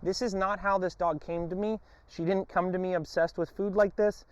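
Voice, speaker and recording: A man's voice: sits high, moderate pace, smooth, no room sound, muffled recording. American man, dog trainer, dry lapel mic. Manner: barks short loud commands to a dog between calm explanations. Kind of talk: training demonstration with commentary. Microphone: wired lapel mic.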